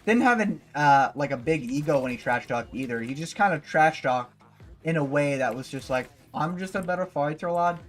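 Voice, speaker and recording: A man's voice: mid-range voice, expressive, normal speed. Casual swearing male streamer. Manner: rambling, swears freely, lots of fillers like "you know". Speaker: livestreamer. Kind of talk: casual stream chat while gaming.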